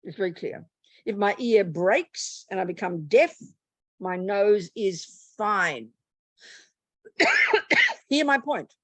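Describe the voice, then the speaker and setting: A woman's voice: medium pitch, wildly swooping pitch, takes it slowly, pauses often, fairly bright tone, no room sound. A woman, a Buddhist nun, teaching a meditation retreat in a blunt, plain-spoken and humorous way.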